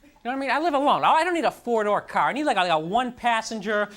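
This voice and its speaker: Speaking very fast in a very high, slightly bright voice with lively intonation, a man performs stand-up on a club stage. His routine is a frustrated, self-mocking rant peppered with mocking voices, captured live amid crowd noise and laughter.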